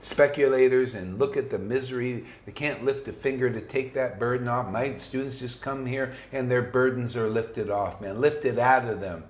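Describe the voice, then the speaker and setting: A man's voice: medium pitch, moderate pace, hardly any pauses, roomy sound. A man preaching an informal devotional sermon to his students, blunt and combative, full of slang and restarts. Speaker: spiritual teacher.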